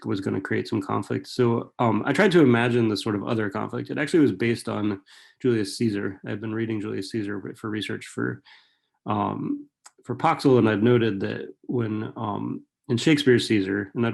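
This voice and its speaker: A middle-aged man giving an author talk at a library, speaking quickly and digressively with many restarts and fillers. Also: fairly low pitch, vocal fry, darkish tone. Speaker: author and writing professor.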